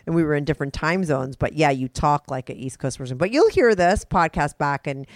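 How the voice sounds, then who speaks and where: A woman's voice: deep voice, animated, a little fast, dry recording. A woman hosting a podcast who chats frankly with a caller, swearing freely. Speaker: podcast host. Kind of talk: casual phone interview chat.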